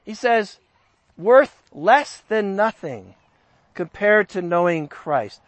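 Male pastor, high-pitched, dry recording, conversational sermon, animated scripture reading. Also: slow pace, no echo. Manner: animated, conversational, reads scripture with rising emphasis.

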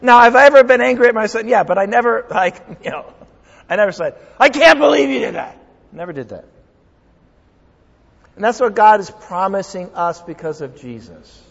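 A man's voice: high-pitched, normal speed, gravelly, in a large hall. Man, middle-aged, pastor, earnest conversational sermon, dull lo-fi sound. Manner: earnest, conversational, with restarts and emphatic repetition.

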